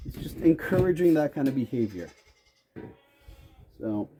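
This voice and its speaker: A man's voice: medium pitch, expressive, measured pace. A man running a farm vlog outdoors, playfully scolding his goats in a teasing sing-song. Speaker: farm vlogger. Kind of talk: casual talk to camera and animals. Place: outdoors on a farm by a goat pen. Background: faint wind and goat bleats.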